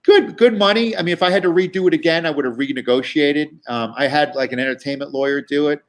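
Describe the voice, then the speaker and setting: A man tells road stories as a guest, casual and profane. His voice sits a bit high for a man. He restarts sentences often and piles on fillers as he goes. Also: quick pace. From New York. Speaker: guest comedian. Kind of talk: casual storytelling.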